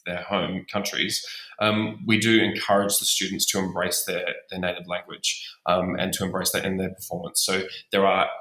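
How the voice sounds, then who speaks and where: A man, a musical theatre educator speaking in a measured way with many ums. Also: sits low, level tone, pushed and bright. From Australia. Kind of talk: casual interview talk. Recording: roomy echo.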